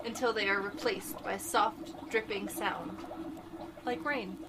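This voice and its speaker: A woman co-hosting a podcast, reading a horror comic aloud in an unhurried, dramatic way. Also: mid-range voice, fairly even intonation, background noise. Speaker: podcast co-host.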